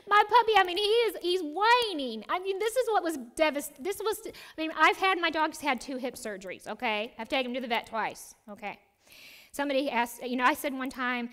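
In a high voice at a moderate pace, a middle-aged woman leads a Bible study, recounting something from her own life with lively acted-out lines and a whispered prayer.

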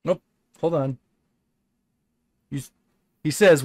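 High-voiced man reading a game aloud. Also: big pitch swings, moderate pace, a bit bright, dry recording. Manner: laughs often, swears casually, reads game text aloud. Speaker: co-host playing a text adventure. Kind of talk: casual gaming chat, reading story aloud.

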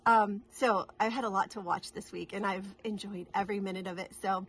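A woman's voice: medium pitch, fairly even intonation, normal speed, hardly any pauses, breathy edge, dry recording. A middle-aged woman from New England, chatting casually to camera in a rambling, giggly way with many restarts. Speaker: cross-stitch vlogger.

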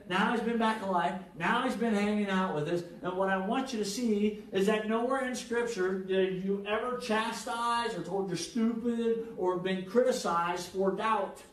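A pastor preaching a conversational sermon, animated and joking, checking in with the congregation with frequent "right?". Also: male voice, high-pitched. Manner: animated, jokes and acted-out quotes. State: jet lagged. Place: church hall with congregation. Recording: echoey hall, mic at a distance.

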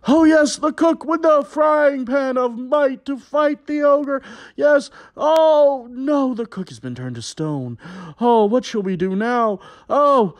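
A man hams up a fairy tale for children, unhurried and drawn out. He gasps, cries out in mock horror and chats directly with young viewers at home. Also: extremely high pitch. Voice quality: exaggerated, melodramatic delivery with gasps and mock horror. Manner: animated, jokey, talks straight to young viewers. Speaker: balloon artist and children's performer. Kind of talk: playful storytelling for children.

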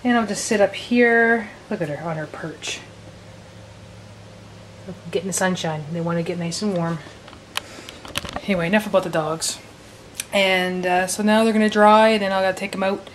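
A woman vlogging at home, talking softly and cooing to her dogs between casual chat. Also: medium pitch, fairly even intonation, normal speed, long pauses. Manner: soft, cooing baby talk to her dogs. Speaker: daily vlogger. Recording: noisy home camera recording.

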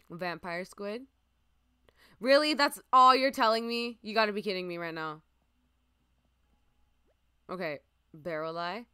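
A young woman streaming a game, chatting casually and listing what she sees, sometimes dropping to a soft near-whisper. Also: on the low side, clear, resonant tone, no echo. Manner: chatty, lists items aloud, drifts into soft near-whispers. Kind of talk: casual gameplay commentary.

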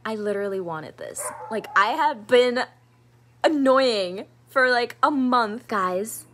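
Gushing young woman vlogger, slow-paced. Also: on the high side, animated, fairly bright tone, a little hiss or hum. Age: 20s. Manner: gushing, gasping, full of "like" and "oh my gosh". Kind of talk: casual vlog, opening gifts.

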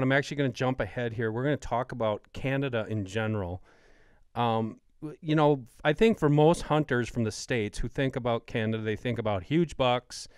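A man's voice: medium pitch, clean tone, dry recording, studio quality. A man with a Wisconsin accent hosting a podcast, asking questions keenly and citing numbers. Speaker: podcast host. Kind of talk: casual interview talk.

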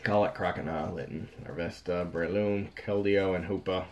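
A young man casually talking through opening trading card packs on a vlog, frustrated, swinging between low muttering and sudden outbursts. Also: fairly even intonation, normal speed, slight background noise. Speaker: card pack opener.

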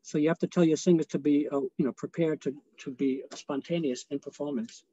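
A man, a choral conductor, gives a relaxed and chatty lecture over a video call and sings short phrases to show his points. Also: a little high, fairly quick, breathy edge. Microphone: video call microphone. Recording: dull, dry video call audio.

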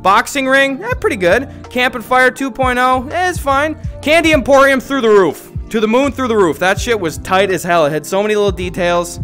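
High-voiced, profane male streamer. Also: a little fast, hardly any pauses, faint music behind. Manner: loud, profane and jokey. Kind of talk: casual livestream chat.

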